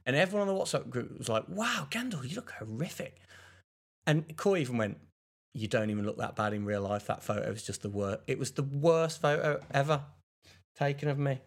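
A man's voice: mid-range voice, animated, fairly quick. A young English man on a casual podcast, telling a rambling story and mimicking other people's voices as he goes. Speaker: podcast co-host. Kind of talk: casual chat.

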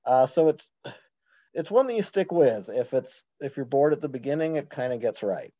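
Male podcast guest, wry and talkative, mellow tone, dull lo-fi sound. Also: mid-range voice, animated, no room sound. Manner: chatty, wry, quick asides. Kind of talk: casual podcast chat. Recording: slightly dull lo-fi mic.

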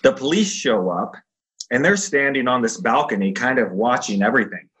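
Middle-aged ex-fighter guest, bright edge to the voice, animated storyteller doing quoted voices. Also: male voice, mid-range voice, moderate pace. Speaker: guest, former pro fighter. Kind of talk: casual storytelling.

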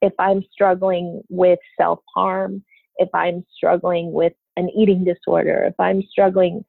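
A middle-aged woman speaks earnestly and from the heart about her faith, in a low voice with a gravelly edge. Her voice comes through a thin, phone-like line with no room sound. She talks at length as a guest. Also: little pitch movement, measured pace, dry recording. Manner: earnest and heartfelt, sharing testimony. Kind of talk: faith-based conversation. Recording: tinny phone-like line, dry.

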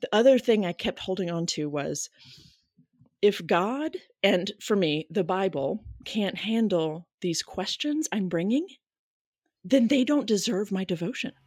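A woman's voice: medium pitch, expressive, measured pace, darkish tone, breathy edge, no room sound, clean studio sound. A woman who trained at seminary, talking expressively as a guest in a panel conversation and laughing often.

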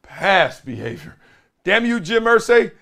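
Lively, high-pitched sports talk host. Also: male voice, a little slow, vocal fry. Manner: playful, sing-song hype chants, laughs often. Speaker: host reading viewer comments. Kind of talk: animated sports talk show.

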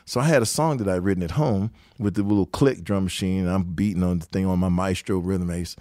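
In an interview, a low-voiced older guitarist and songwriter recounts stories from his music career, talking a little fast. He's animated, imitates what others said, and laughs often, all captured in a close, dry recording with no echo.

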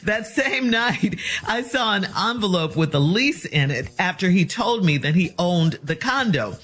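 A woman's voice: fairly low pitch, expressive, moderate pace, fairly bright tone. A chatty woman co-host reads a listener's letter aloud. She then gives emphatic, frank advice. She laughs easily as she talks. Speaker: radio co-host.

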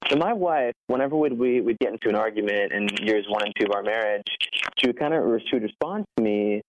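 Earnest app founder on a dull line. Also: male voice, on the low side, expressive, background noise. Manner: earnest, fast, full of restarts, acts out quoted voices. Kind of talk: remote interview conversation.

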